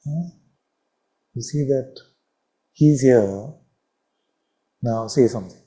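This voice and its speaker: Dark-voiced man giving a slow spiritual talk. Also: medium pitch, low-quality recording. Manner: slow, reflective, with long pauses and repeated phrases. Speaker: spiritual teacher. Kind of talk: satsang talk.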